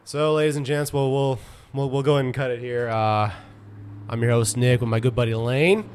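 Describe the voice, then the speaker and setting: A man's voice: mid-range voice, fairly even intonation, brisk, darkish tone, slight background noise. A young man hosting a casual podcast chat, rambling and often stumbling over repeated words before getting his point out. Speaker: podcast host.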